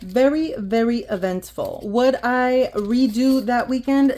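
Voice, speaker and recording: Her voice sits on the high side, slow and dark in tone. A budgeting vlogger in her thirties, she chats and rambles directly to her viewers in a casual vlog, counting cash as she stuffs envelopes.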